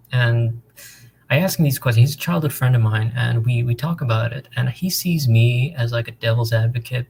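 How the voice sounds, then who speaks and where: Male caller, gravelly, mid-pitched, call line with faint hiss, rambling and hesitant. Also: darkish tone, rough recording. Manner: rambling, hesitant, quotes others in quick asides. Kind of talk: casual call-in chat. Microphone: video call.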